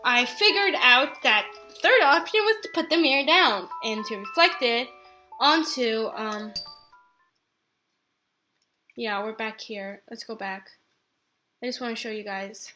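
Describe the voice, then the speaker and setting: Young woman, high and bright, very animated pitch, chatty self-mocking game commentary, faint game music behind. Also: moderate pace. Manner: chatty, self-mocking, swings between mumbling and loud outbursts. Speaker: gaming YouTuber. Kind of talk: let's play commentary.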